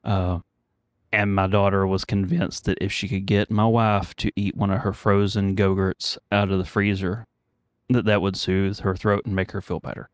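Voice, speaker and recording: Low-voiced man with a cold, telling stories. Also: little pitch movement, normal speed, no room sound, clean studio sound. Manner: rambling storyteller, laughs at his own stories. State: congested with a cold. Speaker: podcast co-host. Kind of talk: casual chat.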